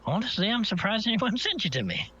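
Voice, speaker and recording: A woman's voice: medium pitch, sing-song, fast, a bit bright, lo-fi sound, soft background music, voice pushed up. A man voicing a cheerful half-orc woman who owns a hotel, speaking in a Southern drawl as a welcoming, chatty hostess.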